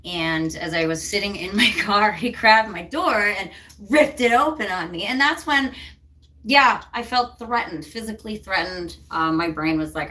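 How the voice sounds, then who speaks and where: A woman's voice: medium pitch, lively intonation, moderate pace, pushed and bright, recorded from a distance. A woman co-hosting a casual talk stream, telling her story in a heated, emphatic way. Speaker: co-host. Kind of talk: casual chat.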